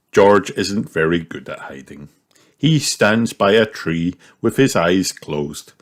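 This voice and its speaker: A man narrating a children's storybook aloud in an expressive, storytelling manner. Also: low voice, slow pace.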